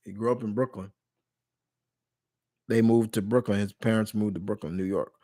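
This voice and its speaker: A man's voice: on the low side, fairly even intonation, normal speed, mellow. A man hosting a live stream Q&A in casual chat, rambling and often restarting or correcting himself mid-sentence. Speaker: live stream host answering viewer questions.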